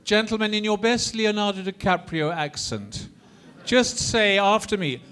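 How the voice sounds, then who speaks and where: Guy teaching an opera class, kinda high voice, hams it up and gets everyone to repeat stuff. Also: expressive, a little slow, fairly bright tone, smooth. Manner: theatrical, coaxing, sings and demonstrates phrases. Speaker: opera lecturer. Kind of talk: lively classroom lecture with audience participation.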